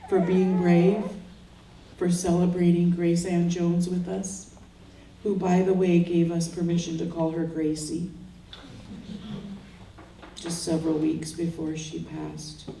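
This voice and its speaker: A woman's voice: lowish voice, monotone, takes it slowly, gravelly, long pauses, dark tone, slight background noise. An older woman, a grieving mother, speaking earnest and prayerful words at a memorial in short solemn phrases. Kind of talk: slow heartfelt memorial speech. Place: memorial gathering. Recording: roomy sound from far off.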